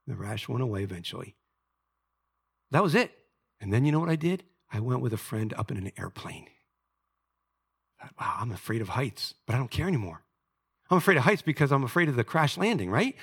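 Impassioned preacher man, bright voice. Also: mid-range voice, breathy edge. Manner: impassioned, rising to loud fervent peaks; drops to soft confiding tones for personal story. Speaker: pastor. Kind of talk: sermon.

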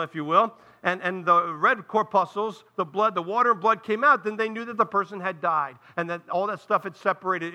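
Bright-voiced high preacher. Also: male voice. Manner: earnest, explanatory preaching with frequent asides to the congregation. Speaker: pastor. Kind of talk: sermon.

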